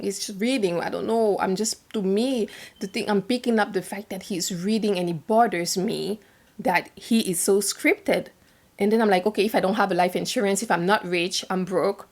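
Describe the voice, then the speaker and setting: A woman vlogger speaks straight to her viewers about something that happened to her. Her telling is animated and emphatic, and she circles back on phrases to drive them home. Her voice sits at an everyday middle pitch. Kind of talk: personal storytelling.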